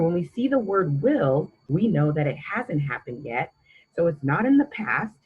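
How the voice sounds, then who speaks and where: A woman's voice: on the low side, slightly rough, narrow, tinny audio. A woman teaching a grammar lesson to children, patient and encouraging as she quizzes the listener.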